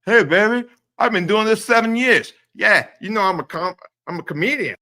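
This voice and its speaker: A man doing a cocky, high, boastful comedian. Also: animated, moderate pace, exaggerated voice. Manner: loud, cocky, high-pitched impression. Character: boastful smug male comedian streamer.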